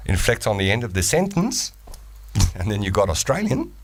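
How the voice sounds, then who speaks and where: Talk show host, man, middle-aged, playful, deep fry-laden voice. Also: normal speed. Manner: lively and playful, reading voice notes. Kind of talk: live talk show chat.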